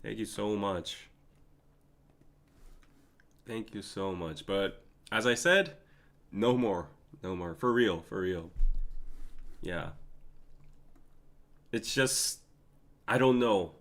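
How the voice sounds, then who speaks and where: A man's voice: fairly low pitch, slow pace, long pauses, a bit bright. A man, hosting a live stream and talking emotionally to his chat. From Korea. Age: 30s. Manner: emotional, laughing, pleading with chat. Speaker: podcast host.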